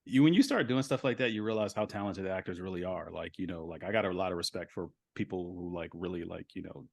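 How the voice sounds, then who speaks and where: A man's voice: low-pitched, fast, vocal fry, dry recording, clean studio sound. A man in his thirties, a voice actor guest on a podcast, talking casually and rambling with lots of "like" and "you know.".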